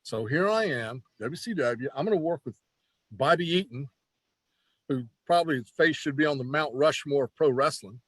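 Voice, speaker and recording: A man's voice: a little high, normal speed, dry recording. Chatty man telling wrestling stories. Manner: animated, chatty, with many restarts and "you know". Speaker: former pro wrestler guest. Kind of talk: casual storytelling interview.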